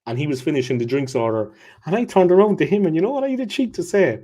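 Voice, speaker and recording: A man, co-hosting a casual football chat and telling lively stories, often checking in with "yeah?". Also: fairly high pitch, fast talker. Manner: animated anecdote teller, checks in with "yeah?". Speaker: co-host.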